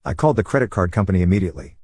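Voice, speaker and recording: A man narrating a first-person story in an even, steady voice over gameplay. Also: sits low, very fast, breathy edge, dry recording.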